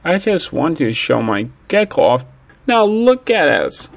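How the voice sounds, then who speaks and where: A man voicing Annie, an excited schoolgirl who has brought her pet gecko to class, in a storybook reading. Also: unhurried, creaky, no room sound, exaggerated voice. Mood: apologetic. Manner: high, eager, yelling.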